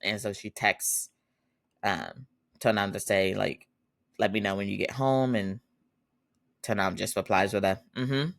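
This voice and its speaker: A man's voice: lowish voice, steady tone, measured pace, vocal fry, pauses often, fairly bright tone, no echo, studio quality. A man hosting a podcast, casually recapping a drama episode, laughing often and acting out the characters' lines. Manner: chatty, laughs often, acts out quotes. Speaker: podcast host.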